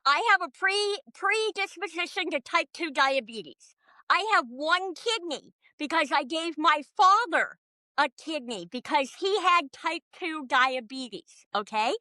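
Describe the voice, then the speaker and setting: High-pitched, bright, profane woman ranting. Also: no echo. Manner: animated, profane, self-mocking rants. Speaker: podcast guest. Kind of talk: casual podcast conversation.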